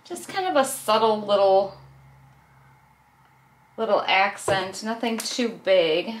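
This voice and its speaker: A woman's voice: medium pitch, expressive, takes it slowly. A woman hosting a casual craft video, narrating each step as she works, chatty with small laughs. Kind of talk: casual craft tutorial voice-over.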